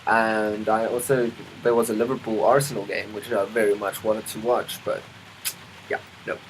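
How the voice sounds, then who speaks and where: This low-quality recording, with slight background noise, captures a South African man vlogging at normal speed in a lowish voice that barely moves in pitch. His chatty monologue wanders, full of ums, restarts and self-interruptions, plus remarks about the weather.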